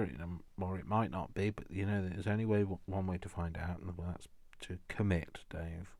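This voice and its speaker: A man's voice: deep voice, normal speed, few pauses, a little mellow, dry recording. A man chatting casually and rambling with self-mocking asides while he makes a craft journal. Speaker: craft vlogger.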